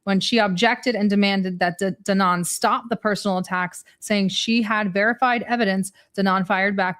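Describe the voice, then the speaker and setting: A woman's voice: medium pitch, fairly even intonation, normal speed, few pauses, fairly bright tone. A woman host of a casual political talk show, with a mid-range voice. She reads headlines aloud in an unpolished, conversational way and stops often on ums and restarts. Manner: reads news aloud conversationally, hesitant fillers.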